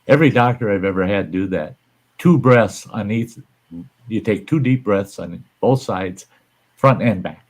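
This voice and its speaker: Low-voiced blunt, cussing man. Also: moderate pace, darkish tone. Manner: blunt, profane, acts out the people in his stories. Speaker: livestream host. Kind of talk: casual storytelling chat.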